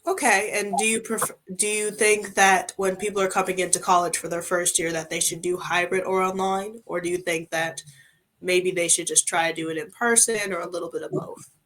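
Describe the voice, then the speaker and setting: A young woman hosting a casual interview, chatty and animated, with lots of filler words. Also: lowish voice, a little fast. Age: young adult. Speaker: podcast host interviewing a student.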